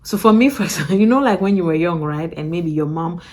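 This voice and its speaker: A woman talking casually to camera as a vlogger, animated and repetitive, often acting out other people's voices with a laugh. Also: lowish voice, fast. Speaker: vlogger and podcast host.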